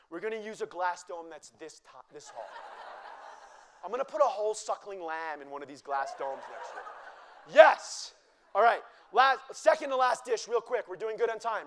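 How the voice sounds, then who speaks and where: Chatty, wisecracking man demoing a dish for a live crowd, fairly high voice. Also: lively intonation, moderate pace, slight background noise. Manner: joking, teasing and chatty with the crowd. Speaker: chef giving a live cooking demo. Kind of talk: live cooking demonstration to an audience.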